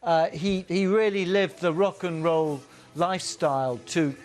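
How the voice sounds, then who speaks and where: A man's voice: fairly high pitch, a little slow, darkish tone. A male news presenter asking questions with stammers and restarts. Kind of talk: news interview.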